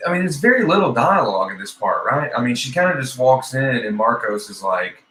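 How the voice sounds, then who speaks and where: A man chatting casually about a film on a podcast, relaxed and crude, often stopping and restarting. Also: mid-range voice, fairly quick. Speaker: podcast guest. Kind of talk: casual movie discussion. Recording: echoey room with faint hiss.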